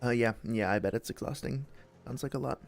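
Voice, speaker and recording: A man's voice: mid-range voice, brisk, gravelly, faint music behind. A young man hosting a live stream, chatting casually with viewers in a friendly, rambling way, full of fillers and restarts. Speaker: streamer host.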